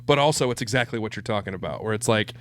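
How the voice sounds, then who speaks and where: A man co-hosting a casual podcast, telling parenting stories in an animated way and swearing casually. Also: fairly low pitch, rapid-fire. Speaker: podcast co-host.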